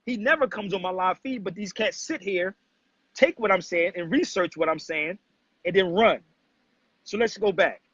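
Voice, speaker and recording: A man with a high, husky, fairly bright voice hosts a casual livestream at normal speed, lecturing viewers and calling out a commenter. He's preachy and confrontational, addressing the chat as family. The lo-fi audio has no echo but sounds dull and muffled.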